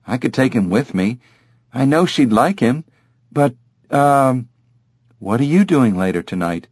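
A man's voice: mid-range voice, lively intonation, unhurried, darkish tone, husky, dry recording, studio quality, pitched above the performer's own voice. A man doing an easygoing young store clerk. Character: friendly young male pet store clerk.

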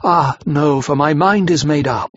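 A man voicing a brave, sorrowful young woman who speaks with quiet, earnest resolve. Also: on the high side, measured pace, no room sound, pitched above the performer's own voice. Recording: slightly dull lo-fi recording.

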